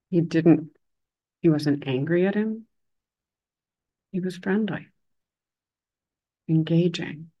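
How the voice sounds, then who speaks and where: A hospital chaplain giving a dharma talk, telling a story in a reflective, measured way with gentle emphasis. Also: mid-range voice, rough recording. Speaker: hospital chaplain and Buddhist teacher.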